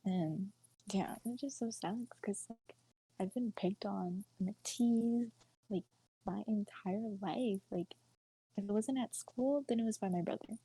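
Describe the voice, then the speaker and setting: Young woman, podcast co-host. Husky, soft-toned voice. Chatty, filler-heavy storytelling that dips to near-whispers. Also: mid-range voice, measured pace, low-quality recording. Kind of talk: casual personal storytelling.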